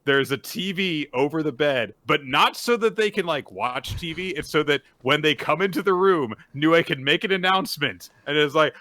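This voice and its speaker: A man casually recapping a manga chapter on a podcast, animated and playfully acting out the characters in quick silly voices. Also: a little high, no echo. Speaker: podcast co-host.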